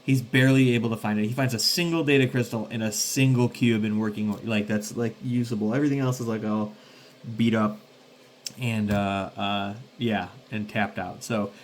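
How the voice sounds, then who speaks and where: A man's voice: lowish voice, steady tone, moderate pace, slight background noise. A man casually playing a solo tabletop game, rambling and thinking aloud to himself. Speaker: solo game player and host.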